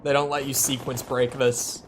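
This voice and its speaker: A man's voice: medium pitch, level tone, normal speed, a little hiss or hum. A man giving rambling live gameplay commentary, chatting to viewers and correcting himself as he goes. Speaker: streamer.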